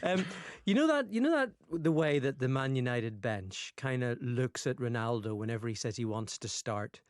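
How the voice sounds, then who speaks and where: A man's voice: mid-range voice, lively intonation, moderate pace, no echo. A Northern Irish man presenting on the radio in casual studio chat, jokey and self-mocking.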